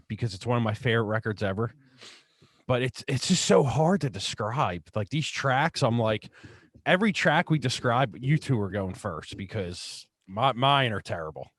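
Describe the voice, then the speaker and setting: A man's voice: mid-range voice, no echo. A man co-hosting a podcast in casual chat, candid and self-deprecating. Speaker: podcast co-host.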